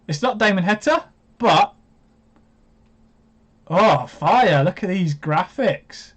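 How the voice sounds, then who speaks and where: A man hosting a live watch-along stream, chatty and hesitant, breaking into excited reactions as he comments. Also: high voice, slow pace, long pauses, slightly rough.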